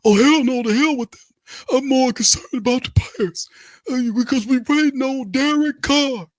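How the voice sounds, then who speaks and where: A man's voice: extremely high pitch, moderate pace, dry recording, pitched above the performer's own voice. A man doing a mocking impression of a flustered, rambling male football head coach who stammers through fillers. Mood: dismissive.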